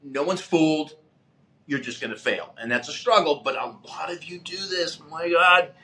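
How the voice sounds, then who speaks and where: Male motivational host, coaching style, a bit high-pitched, punchy and forceful. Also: normal speed. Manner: emphatic, animated coaching, acts out quotes. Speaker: podcast host. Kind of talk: motivational talk.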